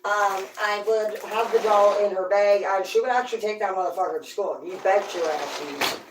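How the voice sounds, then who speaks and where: A woman telling profane, rambling comedic stories about growing up on a farm, in a loose, animated way. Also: medium pitch, normal speed, far from the mic, background noise. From rural farm upbringing. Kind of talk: casual comedic storytelling. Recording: roomy, away from the mic.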